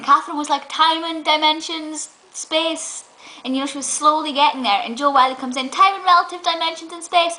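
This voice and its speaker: A woman chatting through a casual review vlog, gushing and breaking into giggles, with frequent ums. Her voice is bright and sits a little high. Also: rough recording. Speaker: film reviewer and vlogger.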